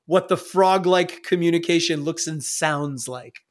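A man narrating as game master of a tabletop game, playful and quick to laugh. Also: a little high.

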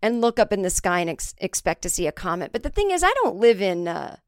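A woman's voice: mid-range voice, sing-song, fast, dry recording, studio quality. A woman comedian hosting her own podcast, talking in a candid, rambling and sometimes profane casual monologue. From United States.

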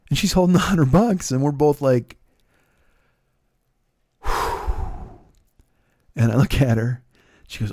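Rambling, mellow-voiced man telling a story. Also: medium pitch, no room sound, clean studio sound. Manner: rambling, profane, self-interrupting with repeated words. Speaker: comedian and podcast host. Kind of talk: casual storytelling monologue.

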